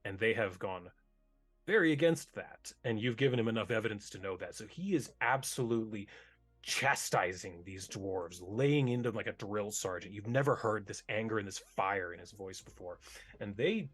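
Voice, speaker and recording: A man's voice: lowish voice, expressive, normal speed, fairly bright tone, husky, faint music behind. A man narrating loosely as game master of a tabletop game. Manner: loose, descriptive, with restarts.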